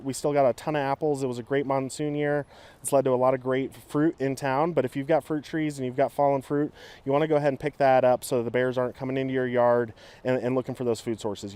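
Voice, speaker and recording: A man from a wildlife agency answers interview questions in an informative, explanatory way, often pausing on "uh". His voice sits at a middling pitch and sounds smooth and resonant. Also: darkish tone. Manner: informative, with frequent "uh" fillers. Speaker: wildlife official.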